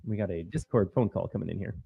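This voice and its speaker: A man's voice: low voice, quick pace, vocal fry, slightly rough, phone-quality sound. Combative male livestream commentary host. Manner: combative, sarcastic, mocking voices of opponents.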